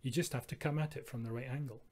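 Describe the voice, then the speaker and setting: A man's voice: medium pitch, steady tone, quick pace, a little mellow, husky. Wry Scottish man with dry patter. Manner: dry, wry storytelling with asides. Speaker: folk singer. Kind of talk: comic patter between songs.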